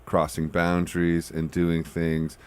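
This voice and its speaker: Deep-voiced man hosting a podcast. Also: completely flat delivery, takes it slowly, clean tone. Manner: rambling, filler-heavy, opinionated. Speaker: podcast host. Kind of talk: casual conversation.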